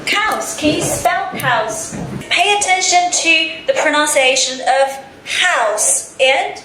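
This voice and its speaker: A woman teaching English to a class, speaking slowly and clearly and having the students repeat words after her. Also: high voice, animated, pushed and bright. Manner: slow, clearly enunciated prompting, drilling words for a class to repeat. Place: school classroom. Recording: echoey classroom from a distance, background noise.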